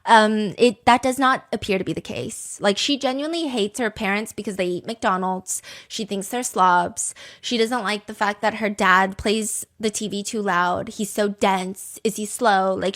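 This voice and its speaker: A woman's voice: medium pitch, measured pace, fairly bright tone. A woman hosting a podcast, telling a true-crime story in a casual, opinionated way, with frequent "like". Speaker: podcast host.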